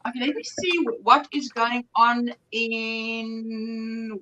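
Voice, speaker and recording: A woman's voice: fairly high pitch, fairly even intonation, slow, pushed and bright, slight background noise. A woman from South Africa hosting a casual livestream at home, chatting and greeting viewers by name. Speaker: livestream host. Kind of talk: casual chat reading out viewer comments.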